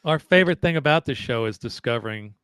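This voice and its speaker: Smooth-voiced, joking talk show host. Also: male voice, mid-range voice, lively intonation, fast, a bit bright, no echo. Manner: chatty, joking storyteller. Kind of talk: casual chat.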